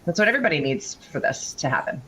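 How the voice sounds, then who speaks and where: Bright-voiced man musing in a chat. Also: fairly high pitch, sing-song, quick pace, slight background noise. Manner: reflective, uses many "like" fillers. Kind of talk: casual group chat.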